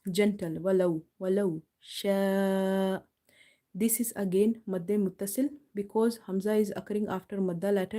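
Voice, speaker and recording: A woman teaching Quran recitation in a live online lesson. She patiently explains each rule step by step and slowly demonstrates the pronunciation. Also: mid-range voice, warm tone. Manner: slow, drawn-out model recitation between explanations.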